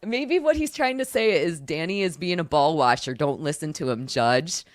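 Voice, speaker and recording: A woman's voice: low voice, animated, normal speed, no room sound, clean studio sound. A woman hosting a casual commentary on a court case, reading a filing aloud and then mocking it with sarcasm. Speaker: host reading a legal filing.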